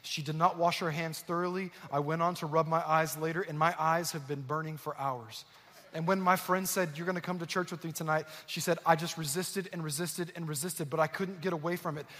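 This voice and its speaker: A man's voice: fairly high pitch, steady tone, brisk, pushed and bright. A man preaching a sermon as a pastor, telling a story and acting out the voices of the people in it. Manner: storytelling, acting out quoted voices with rising intensity. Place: church auditorium. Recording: long reverb in a large hall.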